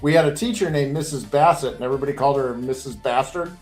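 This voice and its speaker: A man's voice: medium pitch, quick pace, darkish tone, faint music behind. A man on an online panel call, telling a casual story with lots of laughter and acted-out voices and sound effects. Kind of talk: casual group chat.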